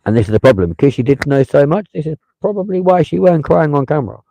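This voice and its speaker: Gravelly man ranting bluntly. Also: on the high side, fast talker, mellow, no echo, low-quality recording. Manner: blunt, profane, heated. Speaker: live stream host. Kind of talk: casual ranting commentary.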